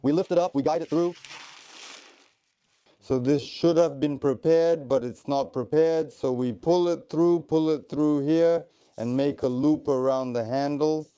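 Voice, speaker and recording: Man coaching a first aid drill, dark voice. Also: on the high side, unhurried, clean tone, muffled recording. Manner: coaching, repetitive encouragement. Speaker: military tactical medicine instructor. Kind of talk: hands-on first aid training instruction.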